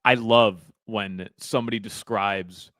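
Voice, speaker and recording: A man co-hosting a sports radio show, playful and halting in casual banter. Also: fairly low pitch, steady tone, a bit bright, no room sound.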